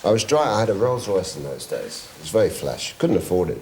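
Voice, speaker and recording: Lively male storyteller. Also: low-pitched, a little fast, slight background noise. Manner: lively storyteller, laughing often. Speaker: guest singer. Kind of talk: chat show anecdote.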